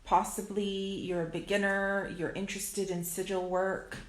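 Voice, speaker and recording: A woman's voice: mid-range voice, level tone, measured pace, roomy sound, rough recording. A young adult woman talking candidly and emphatically in a rambling monologue, swearing freely. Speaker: spiritual content creator. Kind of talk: casual direct-to-camera monologue.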